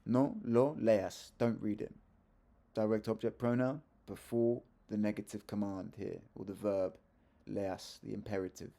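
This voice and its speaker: A middle-aged man teaching a grammar lesson to camera, his low voice gravelly with fry and mellow in tone. He talks in a chatty, easygoing way, correcting himself mid-sentence and tossing in asides. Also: fairly even intonation, unhurried. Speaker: Spanish teacher. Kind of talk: video lesson explaining grammar.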